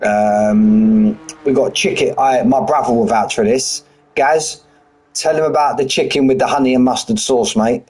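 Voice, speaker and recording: Chatty husky British man streaming. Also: medium pitch, moderate pace, darkish tone, faint music behind, poor audio. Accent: British English. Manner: chatty, banters with chat, drops h's and says "mate". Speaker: sim racing streamer. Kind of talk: casual live-stream chat.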